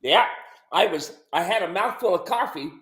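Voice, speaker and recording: A man's voice: high voice, animated, moderate pace, a bit bright. A man who owns a ranch, talking casually as a regular guest on a video call, telling stories in an easygoing, plain-spoken way. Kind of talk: casual conversation. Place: room at home with windows. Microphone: computer over a video call. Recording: roomy echo with faint music.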